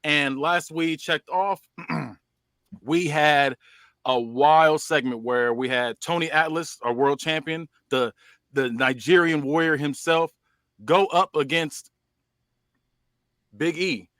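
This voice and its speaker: A man's voice: fairly high pitch, slow, pauses often, fairly bright tone, no echo. A man co-hosting a podcast, narrating a fantasy wrestling show in casual chat with loose slang and frequent laughter.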